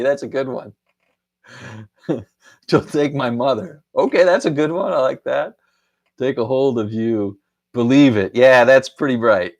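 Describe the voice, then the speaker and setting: A middle-aged man hosting a casual live stream, chuckling often and half-singing song lines as he reads out viewer answers. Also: mid-range voice.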